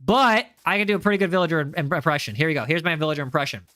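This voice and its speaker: A man's voice: on the high side, racing, sharp tone, no room sound. A man streaming a game live, joking around and talking to his chat in a playful way. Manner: playful, jokey, chatting with viewers. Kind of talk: live gameplay commentary.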